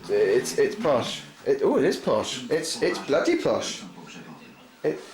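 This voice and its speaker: A man's voice: mid-range voice, big pitch swings, takes it slowly, a crowd in the background. Wry man narrating a holiday camcorder diary. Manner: wry, sarcastic running commentary. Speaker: holiday video diarist filming a trip. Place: bus, hotel room and streets on a trip. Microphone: built-in camcorder mic, behind the camera.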